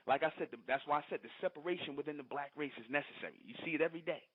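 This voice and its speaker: Scolding radio host on a tinny line. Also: male voice, fairly high pitch, very fast, hardly any pauses, husky. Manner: combative, scolding, repetitive lecturing. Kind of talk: heated call-in radio rant. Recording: tinny phone-line broadcast audio.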